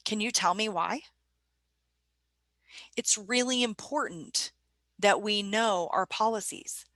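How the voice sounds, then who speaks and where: A woman's voice: medium pitch, slow pace, fairly bright tone, no room sound. A woman presenting a staff training webinar in a conversational way, putting questions to her audience.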